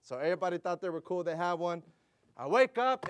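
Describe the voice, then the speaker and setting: A middle-aged man preaching a sermon, telling stories with animated delivery, laughing and acting out voices. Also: sits high, quick pace, dull audio. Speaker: pastor.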